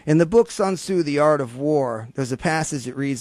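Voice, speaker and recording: Fairly high-voiced man, radio host. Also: animated, normal speed, hardly any pauses, a little mellow, dry recording. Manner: storytelling, acts out quoted voices for humor. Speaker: radio talk show host. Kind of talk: motivational radio talk. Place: radio studio.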